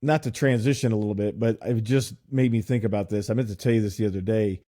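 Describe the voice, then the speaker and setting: A middle-aged man from Nashville, co-hosting a podcast, chatting casually and telling an animated story with frequent laughter. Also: on the low side, quick pace. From Nashville, USA. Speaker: podcast co-host. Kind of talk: casual chat.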